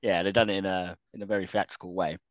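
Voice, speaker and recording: A man's voice: deep voice, flat delivery, fast, no echo, dull audio. A man chatting casually about wrestling as a podcast co-host, laughing often and restarting his sentences.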